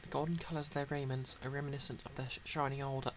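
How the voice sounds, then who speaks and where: A man's voice: mid-range voice, level tone, fast talker, poor audio. Casual, wry male streamer reading game text aloud over background noise.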